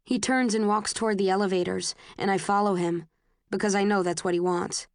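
A woman reading a novel aloud in the first person, earnest and emotional, voicing the heroine's outbursts with sharp rises. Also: medium pitch, steady tone, a little fast, dry recording, clean studio sound. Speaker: audiobook narrator.

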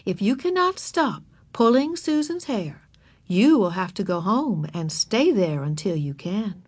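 A woman voicing a firm but kind female kindergarten teacher, speaking slowly and sternly. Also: medium pitch, very animated, husky. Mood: firm measured. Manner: slow, measured and stern.

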